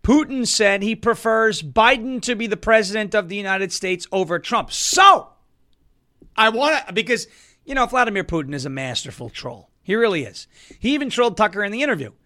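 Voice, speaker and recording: A man hosting a political commentary show. His voice is high-pitched and bright, with a sharp edge. He delivers the news with sarcasm and running jokes. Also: lively intonation, a little fast. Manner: sarcastic, joking. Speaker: host.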